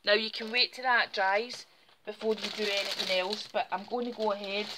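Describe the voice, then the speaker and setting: A woman's voice: medium pitch, background noise. A woman, hosting a casual craft tutorial and chatting step by step in a friendly way. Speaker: craft channel host.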